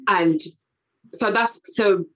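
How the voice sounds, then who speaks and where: A woman in her thirties talking as a podcast guest in a relaxed, casual chat. She is animated and leaps up in pitch whenever she acts out what she once said or thought. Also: very slow, low-quality recording. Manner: animated, acts out past conversations in a higher voice.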